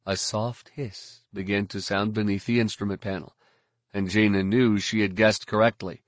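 Low-voiced man narrating an audiobook. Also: little pitch movement, moderate pace, no room sound, clean studio sound.

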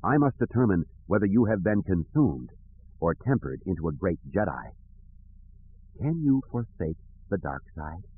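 A calm, stern Jedi master speaks slowly and solemnly in a deep, husky voice, read by a man narrating an audiobook. The audio is narrow and phone-like. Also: exaggerated voice. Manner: measured, solemn and quiet. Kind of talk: audiobook character reading.

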